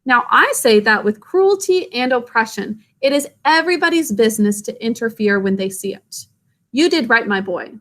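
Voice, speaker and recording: A kindly older coachman speaks steadily and firmly, like a father figure, as a woman reading a storybook aloud puts him on. The voice stays close to her own slightly high speaking pitch. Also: lively intonation, moderate pace, a bit bright. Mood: approving.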